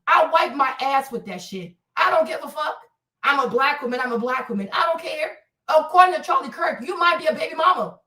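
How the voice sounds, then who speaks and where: A woman's voice: high-pitched, bright, forceful tone, reverberant, recorded from a distance. A woman streamer ranting at a clip in a profane, confrontational way and repeating her insults. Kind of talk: livestream rant.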